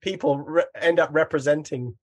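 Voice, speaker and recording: A man's voice: on the high side, normal speed, slightly rough. A man interviewing a guest, asking casual, probing questions. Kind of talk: conversational interview.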